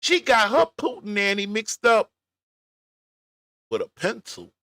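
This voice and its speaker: A man's voice: sits high, very animated, measured pace, vocal fry, pushed and bright, dry recording, studio quality. A man giving blunt, profane reaction commentary on a clip, mocking and riffing on what he watches. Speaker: commentary vlogger.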